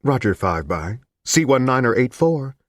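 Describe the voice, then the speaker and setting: A man voicing a brisk male flight controller over the radio, cheerful and clipped. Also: medium pitch, big pitch swings, no echo, clean studio sound, voice pushed up. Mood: breezy.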